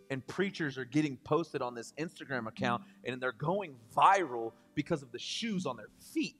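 Pastor, male, 30s, chatty storyteller with a slightly high voice, echoing church hall, faint band behind. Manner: chatty, animated, jokey, many restarts. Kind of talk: casual sermon storytelling. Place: church hall with long reverb.

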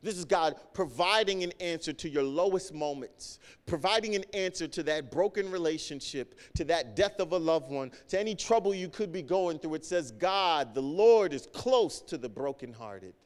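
A man preaching a sermon, earnest, repeating key phrases for emphasis and swinging between loud and soft. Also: a little high, moderate pace, few pauses, long reverb tail. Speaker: pastor.

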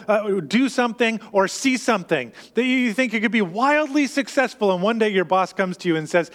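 A man's voice: high-pitched, fairly bright tone, in a large hall. A man preaching a sermon, explaining scripture in a conversational teaching manner with frequent restarts. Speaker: pastor.

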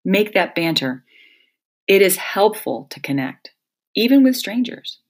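A woman's voice: mid-range voice, very animated, measured pace, slightly rough. A woman hosting a reflective self-help monologue, talking conversationally and straight to her listeners as folks.

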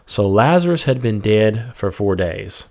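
A man's voice: fairly low pitch, a little slow. A man in a casual Bible study, reading verses and then restating them in plain, everyday words, with "you know" and "um". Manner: reads scripture then paraphrases it plainly; relaxed, with fillers like "you know" and "um". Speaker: Bible teacher.

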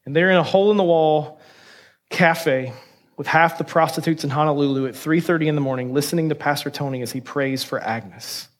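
A man preaching a sermon in a slightly higher-than-average voice. He reads a story aloud and gives each speaker a small voice shift. Then he leads the congregation in prayer. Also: a little fast. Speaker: pastor.

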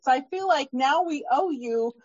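Bubbly high-voiced woman co-host. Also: lively intonation, moderate pace, highs cut off, a little hiss or hum. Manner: bubbly, gushing. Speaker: podcast co-host. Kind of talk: casual podcast chat.

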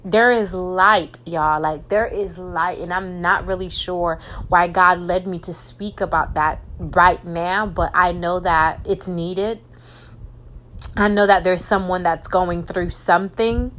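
A woman's voice: on the low side, fairly even intonation, a little slow, a bit bright. A young woman hosting a faith podcast, talking in a preachy way and repeating phrases for emphasis. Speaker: podcast host. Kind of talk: faith-based encouragement monologue.

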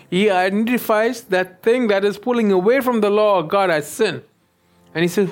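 A pastor preaching a sermon, often stopping to check that the listeners follow him. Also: male voice, high-pitched, normal speed, soft background music. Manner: keeps checking in with the listeners, asking "yes?".

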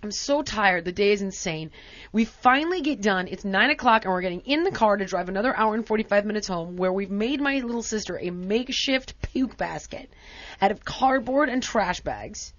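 A woman with a mid-range voice speaks at a moderate pace, chatting casually on a talk show. She tells a story dramatically in an animated way, acting out what people said. The recording has no echo but its highs are cut off.

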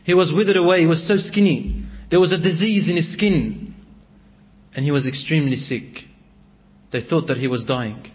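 A man with a high voice, telling a religious story with dramatic, emotive delivery. The recording is dull and lo-fi. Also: moderate pace.

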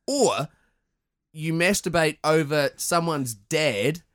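A man's voice: fairly high pitch, slow, clear, resonant tone. A Scottish man co-hosting a comedy podcast, rambling and swearing as he builds his answers. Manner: animated, swearing, rambling storytelling. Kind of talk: casual comedy podcast chat.

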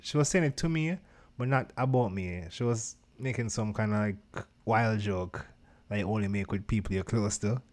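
A man's voice: fairly low pitch, moderate pace, a little mellow. A man chatting casually as a podcast co-host, making dry, blunt remarks. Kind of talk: casual chat.

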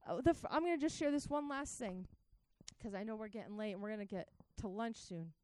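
A woman's voice: mid-range voice, a little fast, darkish tone, no echo, studio quality. A woman preaching a sermon, telling her own testimony with fervent, direct appeals to the listeners. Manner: impassioned, talks straight to the crowd.

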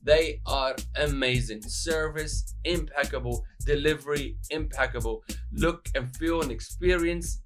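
A man co-hosting a radio show, giving upbeat shout-outs to venues and breaking into playful sing-song chants. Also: a little high, measured pace, hardly any pauses, faint music behind. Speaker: radio host.

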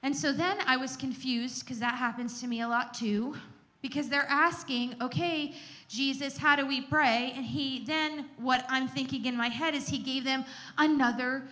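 A woman's voice: high voice, fairly even intonation, normal speed, bright, forceful tone. A woman giving a candid, self-deprecating teaching talk at a church gathering, telling personal stories.

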